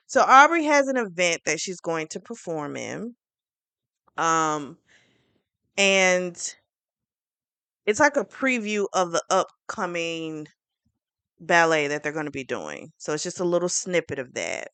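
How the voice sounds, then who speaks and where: A woman reviewing a book series, retelling the plot in a chatty, animated way with plenty of fillers. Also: deep voice, unhurried, clean tone, no echo.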